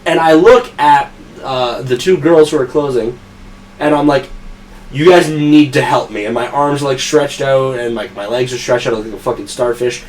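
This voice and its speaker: A man's voice: medium pitch, moderate pace, far from the mic, a little hiss or hum, low-quality recording. Rambling, foul-mouthed young guy telling stories. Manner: rambling, profane, laughing at own stories. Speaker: podcast host. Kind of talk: casual storytelling chat.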